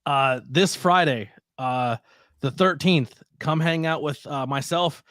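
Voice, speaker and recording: A man, a wrestling commentator, talking in a casual livestream chat and telling a story in a chatty, animated way. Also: on the high side, takes it slowly, no room sound, studio quality.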